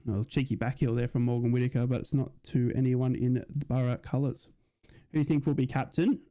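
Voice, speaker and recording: A man's voice: mid-range voice, little pitch movement, brisk, dark tone. A man streaming a live football watch-along, chatting casually, reading out viewers' messages and often asking "do you know what I mean".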